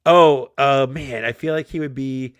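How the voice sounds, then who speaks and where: A man's voice: medium pitch, steady tone, a little slow, fairly bright tone, clear, resonant tone, no room sound, studio quality. A man chatting as a guest, jokey and self-mocking, laughing often. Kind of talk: casual chat.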